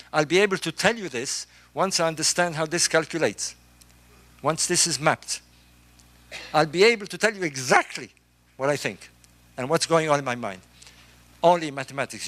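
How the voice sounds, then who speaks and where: A middle-aged man, a construction engineer, giving an emphatic, animated talk to a group in a room. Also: fairly high pitch. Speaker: speaker on ancient engineering. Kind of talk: lecture-style talk to a live group.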